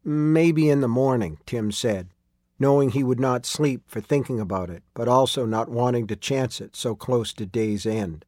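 A man's voice: medium pitch, no echo. Man reading a story, dry close sound. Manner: steady storytelling read. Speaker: audiobook narrator. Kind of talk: scripted narration.

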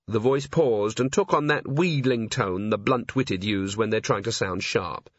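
A man narrating an audiobook in an expressive, varied way. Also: lowish voice, moderate pace, breathy edge, dry recording, lo-fi sound.

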